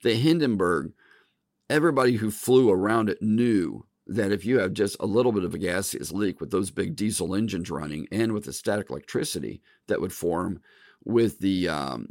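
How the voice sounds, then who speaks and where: Middle-aged male podcast host, low gravelly voice, dry close mic, folksy storyteller. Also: darkish tone, dry recording. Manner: folksy, talks straight to listeners as "folks". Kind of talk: casual storytelling monologue.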